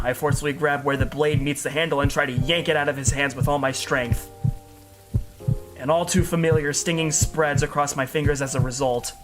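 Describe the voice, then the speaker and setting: Man narrating an emotional story. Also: a little high. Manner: earnest, emotional reading. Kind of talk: dramatic first-person story narration.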